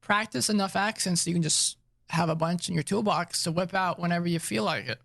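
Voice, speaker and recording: Easygoing young man with a gravelly voice. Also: high voice, fairly bright tone, dry recording. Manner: easygoing, teasing, quick to laugh. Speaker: podcast co-host. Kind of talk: casual chat about tabletop roleplaying.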